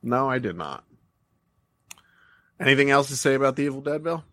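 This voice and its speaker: A man's voice: medium pitch, animated, a little fast, fairly bright tone, dry recording. A man co-hosting a live podcast, reading out movie facts with a lot of "uh" fillers. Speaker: podcast co-host. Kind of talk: casual live podcast chat.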